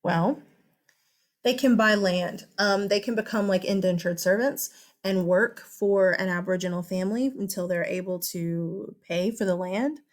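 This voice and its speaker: A woman's voice: medium pitch, unhurried. A woman teacher giving a casual classroom lecture, chatty and teasing her students with asides.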